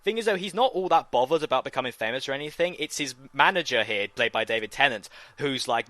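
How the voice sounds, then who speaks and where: A young man with a bright, forward voice and a dry, close sound, chatting his way through a film commentary. He teases his co-host playfully and jumps into sudden excited outbursts. The pitch sits at an ordinary middle level. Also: no echo. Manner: playful, teasing, quick bursts of enthusiasm. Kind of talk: casual film commentary chat.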